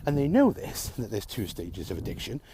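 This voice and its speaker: A man's voice: on the low side, wildly swooping pitch, a little fast, mellow, slight background noise. A man talking alone to camera in a frustrated, sarcastic rant, swearing often. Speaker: vlogger. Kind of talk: ranting vlog monologue.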